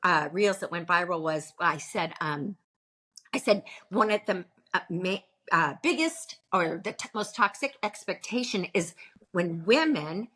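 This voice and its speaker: A middle-aged woman, a pastor, chatting as a podcast guest and telling animated stories with frequent laughter. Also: on the low side, measured pace, husky. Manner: animated storyteller, laughs often. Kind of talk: casual interview chat.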